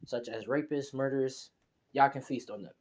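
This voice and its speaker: A man voicing a calm, reluctant young male vampire lord, in a plain, low-key delivery. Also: moderate pace, close to an everyday voice. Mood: resigned.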